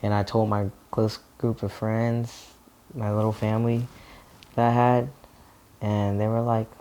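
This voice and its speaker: A young man speaking in a fairly low voice, chatting loosely about his life in an interview. He leans on filler words and laughs easily, keeping a relaxed, conversational flow. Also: unhurried. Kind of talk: casual personal storytelling.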